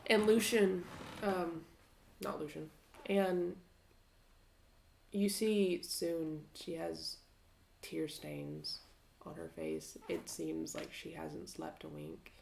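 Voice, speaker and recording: A woman narrating a tabletop game as game master, halting with many fillers. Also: deep voice, steady tone, creaky, a little mellow, slight background noise. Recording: roomy echo.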